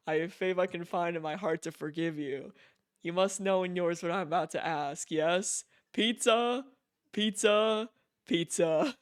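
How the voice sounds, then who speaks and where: A man's voice: high-pitched, clear, resonant tone. A man reading aloud as a formal, flowery male letter-writer, stilted and old-fashioned in his phrasing.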